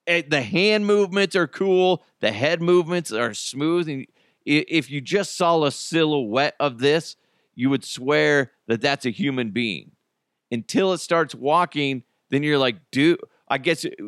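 A man's voice: mid-range voice, a bit bright, no room sound, clean studio sound. A man hosting a podcast in a casual comedic monologue, joking and often laughing. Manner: jokey, laughs often, restarts. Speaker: podcast host.

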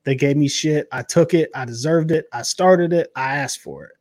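A fired-up man talking football on a podcast, cursing and venting as his voice climbs a little higher than most. The sound is close and dry, with no room around it. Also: moderate pace, a little mellow, no echo. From Cincinnati area. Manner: profane, worked-up ranting. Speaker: podcast co-host. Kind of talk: casual sports chat.

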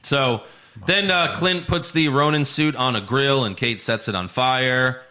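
A man hosting a podcast, casually recapping an episode, animated, laughing often and acting out quotes. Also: medium pitch, a little slow. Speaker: podcast host. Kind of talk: casual chat recapping a show.

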